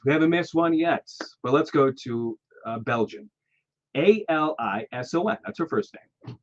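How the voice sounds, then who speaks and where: A man's voice: fairly high pitch, animated, normal speed, a little hiss or hum. Upbeat male radio host, casual on-air banter, a little muffled in the studio. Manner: upbeat, spells names letter by letter. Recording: slightly muffled studio audio.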